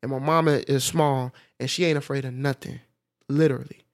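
A man co-hosting a podcast in casual chat, animated, often laughing, with many fillers. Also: mid-range voice, fairly quick. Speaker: podcast co-host.

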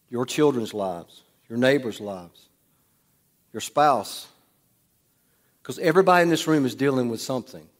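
A man preaching a sermon in a church, swinging between loud bursts and hushed, quiet lines. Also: mid-range voice. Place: church sanctuary. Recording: long hall reverb.

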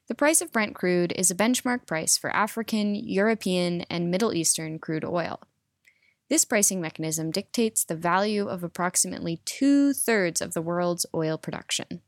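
A woman presenting a scripted news commentary in a measured, explanatory way. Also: lowish voice, no room sound, studio quality.

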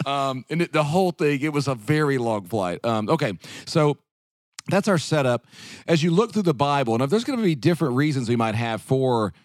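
A man's voice: mid-range voice, big pitch swings, a little fast, no echo, clean studio sound. A man hosting a casual podcast chat, telling stories in a rambling way with lots of filler words. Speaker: podcast host.

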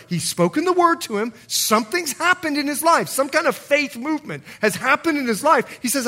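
A middle-aged man preaching a sermon as pastor, telling stories with lively, acted-out voices. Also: very high-pitched, normal speed, hardly any pauses. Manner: animated storytelling, acting out quoted voices.

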